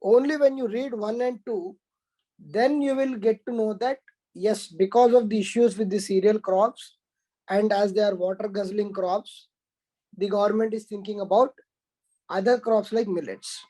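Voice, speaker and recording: A man's voice: high voice, fairly even intonation, normal speed, mellow, low-quality recording. A man, teaching an online exam coaching class. He reads out the question, explains it and asks the students to confirm.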